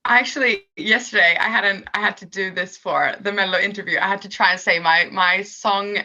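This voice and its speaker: A woman's voice: mid-range voice, a little fast, bright, forceful tone, highs cut off. Giggly young woman on a call. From Sweden. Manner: giggly, lots of likes and fillers. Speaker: singer, interview guest. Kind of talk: casual video-call interview.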